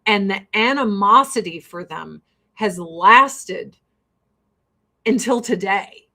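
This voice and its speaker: A woman's voice: mid-range voice, expressive, slow pace, sharp tone. A woman doing her makeup while ranting in a blunt, profane, fired-up way. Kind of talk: casual get-ready-with-me rant.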